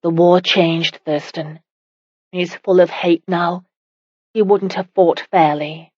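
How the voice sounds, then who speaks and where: A defiant, spirited young noblewoman, her voice pitched up and pressing each point, as a woman reader plays her. She speaks with force and feeling. The sound is dry and dull. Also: fairly even intonation, slow, a little mellow, no echo. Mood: emphatic. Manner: raised, emphatic pleading.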